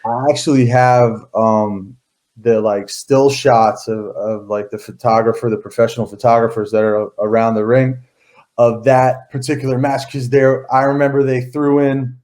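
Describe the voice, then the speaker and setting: A man's voice: medium pitch, little pitch movement, normal speed, darkish tone. A man in his thirties, an interview guest, telling stories in a rambling casual way with many fillers and restarts.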